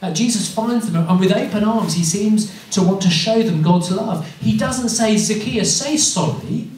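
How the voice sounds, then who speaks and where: English man, earnest student-mission preacher, slightly high voice, distant mic in a very echoey room. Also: normal speed, a little mellow, a little hiss or hum. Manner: earnest, questioning, repeats words when restarting. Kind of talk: evangelistic talk. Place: university lunchtime event room.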